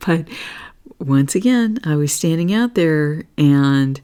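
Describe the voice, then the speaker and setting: A woman's voice: deep voice, slow pace, dark tone, clean tone. A woman hosting an astrology and energy talk, rambling casually with lots of fillers and frequent "okay?" check-ins. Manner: earnest, gets emotional. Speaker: astrology and energy reading host. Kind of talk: casual spiritual talk over charts.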